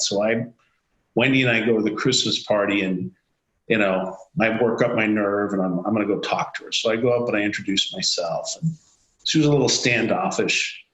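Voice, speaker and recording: A man's voice: fairly low pitch, echoey room, low-quality recording. A man, a company CEO, telling a story in an interview and acting out the quoted dialogue. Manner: animated, acts out quoted dialogue. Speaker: CEO guest. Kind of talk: anecdotal storytelling.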